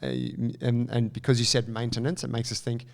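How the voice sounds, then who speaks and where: A man co-hosting a casual podcast. He talks in a relaxed, measured way and keeps his advice practical and down to earth. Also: medium pitch, creaky. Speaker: podcast co-host. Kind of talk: casual podcast chat giving training advice.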